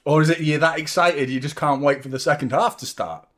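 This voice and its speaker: Excitable, swearing football fan. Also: male voice, a little high, brisk. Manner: swears freely, rambling and excitable, reads chat comments aloud. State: drained. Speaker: football watchalong host. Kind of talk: casual live-stream chat.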